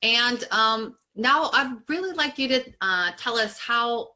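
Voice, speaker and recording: A woman's voice: on the high side, expressive, takes it slowly, pushed and bright. A woman hosting a podcast, interviewing a guest with upbeat, encouraging remarks. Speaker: podcast host.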